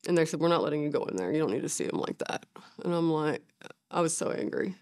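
A middle-aged woman, a bereaved mother, speaking haltingly with many fillers in a documentary interview. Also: deep voice, animated, a little mellow.

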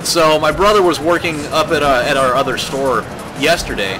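A man's voice: a little high, normal speed. A man hosting a let's play, giving rambling, joking and crude casual commentary over his gameplay. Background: game music.

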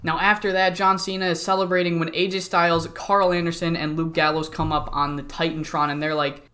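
Young male let's-play host, bright, slightly high voice, loose jokey rambling. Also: flat delivery, fairly quick, hardly any pauses. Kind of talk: casual game commentary.

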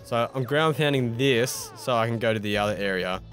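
A man's voice: medium pitch, brisk, fairly bright tone, soft background music. An Australian man giving casual, self-mocking commentary as he plays a video game, swearing mildly and laughing at his own mistakes. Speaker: gaming YouTuber. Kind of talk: casual let's-play commentary.

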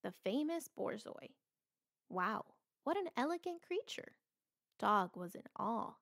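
A woman reading a children's picture book aloud with expressive storytelling. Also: fairly high pitch, slow pace, gravelly, dry recording, clean studio sound. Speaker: storybook reader.

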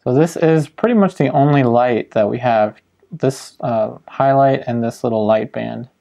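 Gravelly, mellow-voiced man teaching painting. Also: medium pitch, measured pace. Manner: calm step-by-step explaining with frequent ums. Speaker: painting instructor. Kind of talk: narrated painting demonstration.

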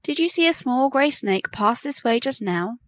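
Pushy snake guy hunting another snake, clipped and brisk, woman reading it, a bit high, dry sound. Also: animated, fairly bright tone, no echo. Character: hurried male snake hunter, curt.

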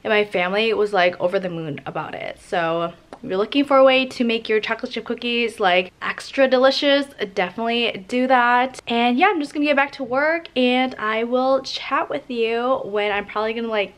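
A woman's voice: on the high side, moderate pace. A young adult woman chatting casually to camera at home as a lifestyle vlogger. She sounds upbeat and gushing and keeps dropping "like" into her sentences. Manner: chatty, peppered with "like" fillers. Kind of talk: casual vlog chat to camera.

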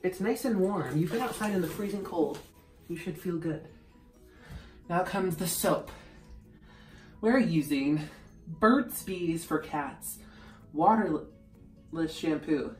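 A man's voice: sits high, takes it slowly, pauses often, darkish tone, roomy sound, faint music behind. A young man chatting casually in a vlog, giggly and prone to yelps, recorded in a home bathroom. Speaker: vlogger.

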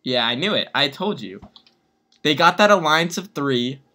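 A man's voice: a little high, expressive, normal speed, sharp tone. A young man chatting casually with a friend while watching a game, teasing and laughing a lot. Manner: teasing, laughing, repeats jokes. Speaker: channel host watching a game show. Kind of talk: casual gaming chat with a friend.

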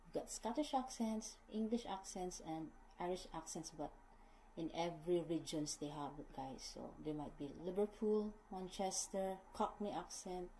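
A woman's voice: lowish voice, moderate pace, dark tone, slight background noise, low-quality recording. A woman with a Filipino accent, chatting casually to camera as a vlogger and often calling her viewers "guys" as she corrects herself mid-sentence. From Philippines.

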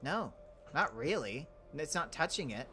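A woman hosting a game role-play series in character, animated and swinging between alarm and calm musing. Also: deep voice, normal speed, soft background music. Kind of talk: in-character role-play chat with a channel outro.

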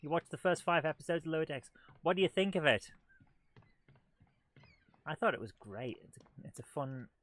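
A let's play streamer plays a game live, joking with viewers, chatting playfully, and putting on silly voices, with noisy game sounds and gunfire behind him. His voice is on the high side, expressive and fairly bright, at a moderate pace with frequent pauses.

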